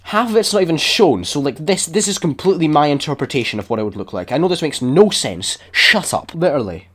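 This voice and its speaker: A young man giving sweary, excitable and sarcastic commentary while building in a video game. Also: a little high, fast, slightly rough. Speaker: gaming YouTuber. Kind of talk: casual gameplay commentary.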